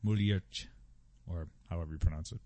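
A man hosting a podcast, laughing often and joking in a drawn-out way on a close studio mic. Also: low voice, warm tone, no room sound. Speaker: podcast host. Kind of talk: casual comedic chat.

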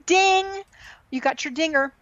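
A woman co-hosting a casual political chat show, animated, reading tweets aloud and laughing at her own slips. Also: on the high side, normal speed, no echo. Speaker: podcast co-host. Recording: dull lo-fi sound.

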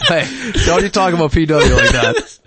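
A man's voice: sits high, huge pitch swings, normal speed, background noise. A young man co-hosting a podcast, rambling through stories, swearing and laughing a lot. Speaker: podcast co-host. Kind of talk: casual chat.

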